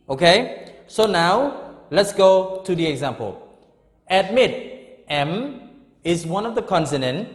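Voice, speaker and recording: A middle-aged man teaching an English grammar lesson, explaining slowly and repeating himself with frequent checks of "okay?". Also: high-pitched. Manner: slow, repetitive, drawn-out explanations with frequent "okay?". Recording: echoey room with long reverb.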